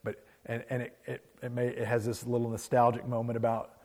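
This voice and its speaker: A man preaching a sermon as a pastor, telling a story in a lively, conversational way and checking in with the congregation. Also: mid-range voice, a little fast. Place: church sanctuary. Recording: long hall reverb.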